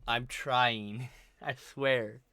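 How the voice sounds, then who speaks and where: Man, casual stream chat, rambling and profane, mid pitch, dry close sound. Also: fairly even intonation, very slow, sharp tone, no echo. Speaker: livestream co-host. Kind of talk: casual chat while drawing.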